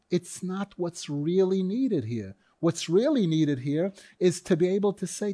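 A man's voice: on the high side, lively intonation, moderate pace, hardly any pauses, warm tone, no echo. A man teaching a Torah class in an earnest, emphatic way, stressing key phrases by repeating them.

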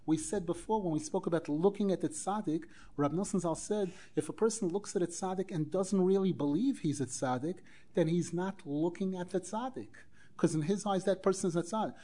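A man teaching a Torah class as a rabbi, animated, acting out quoted dialogue and weaving in Hebrew phrases. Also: sits high, moderate pace. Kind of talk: Torah lecture.

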